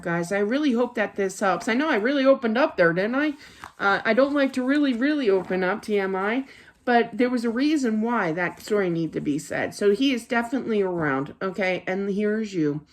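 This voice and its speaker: Chatty woman giving a spirit reading. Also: medium pitch. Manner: rambling and chatty, with many fillers and restarts. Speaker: psychic card reader. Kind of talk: casual spiritual reading to camera. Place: home office at her desk.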